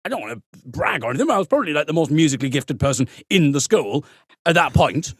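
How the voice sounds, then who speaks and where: A man from Middlesbrough, a comedian telling a funny story as a podcast guest, animated and self-mocking. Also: fairly high pitch, fast talker, husky, no echo, studio quality. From Middlesbrough, England. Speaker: comedian and folk singer, guest.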